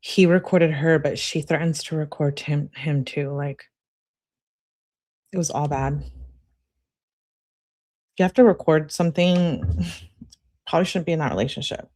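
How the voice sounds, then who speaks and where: A woman's voice: low-pitched, steady tone, unhurried, pauses often, a little mellow, dry recording, clean studio sound. A woman giving casual true crime commentary in a blunt, sarcastic way, reading out text messages.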